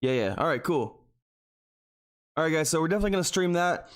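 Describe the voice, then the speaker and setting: A man's voice: on the high side, animated, fast. A man from Texas hosting a live trading stream, talking casually and earnestly to his viewers. He rambles and keeps calling them "guys". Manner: earnest and openly emotional. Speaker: stock trading livestreamer.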